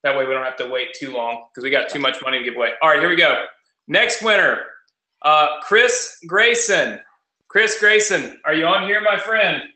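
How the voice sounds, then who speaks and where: A man hosting a live online cash giveaway, talking fast in a rapid-fire, auctioneer-like way. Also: a little high, pushed and bright. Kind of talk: live-streamed webinar talk. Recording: roomy echo.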